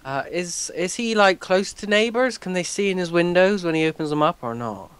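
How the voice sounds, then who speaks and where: A man co-hosting a casual podcast, halting and hesitant, full of fillers. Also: sits high, lively intonation, a bit bright, smooth, no echo. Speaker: podcast co-host. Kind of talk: casual chat.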